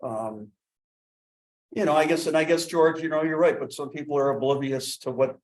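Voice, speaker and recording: A man on a village board, speaking at a public meeting in a halting way with many restarts. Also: fairly high pitch, darkish tone, poor audio. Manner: hesitant, many restarts and fillers. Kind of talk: meeting discussion.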